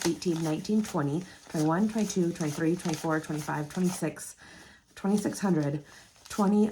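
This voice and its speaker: Woman vlogger, low mellow voice, counts cash out loud, casual budgeting chat, faint hiss behind. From United States. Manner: emotional and grateful, counting aloud.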